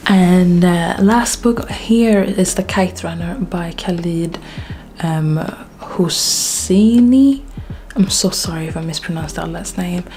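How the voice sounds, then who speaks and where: This Swedish woman, a book vlogger, speaks in a low, mellow voice at a slow pace while showing off her bookshelf. She chats casually, pokes fun at herself, leans on plenty of fillers, and is a little out of breath.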